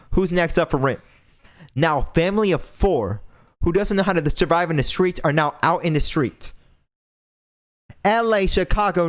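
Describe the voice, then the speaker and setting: A young man hosting a podcast, delivering an impassioned, preachy rant and repeating phrases for emphasis. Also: high-pitched. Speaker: podcast host.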